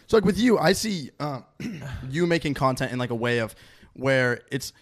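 A man's voice: medium pitch, normal speed. Teasing man rambling in banter. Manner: teasing, rambling with many fillers. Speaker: podcast co-host. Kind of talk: casual banter.

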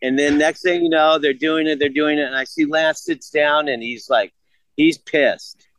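A man in his sixties telling a story in casual chat, animated and profane, acting out what others said. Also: on the high side, normal speed, no echo, rough recording. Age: 60s. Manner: animated, profane, acts out quotes.

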